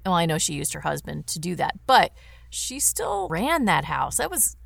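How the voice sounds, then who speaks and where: A woman co-hosting a casual film podcast, with a lowish, gravelly voice. She talks in a chatty way, trailing off and picking threads back up. The sound is close and dry. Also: very animated, normal speed, dry recording. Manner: chatty, trails off and restarts mid-thought. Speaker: podcast co-host.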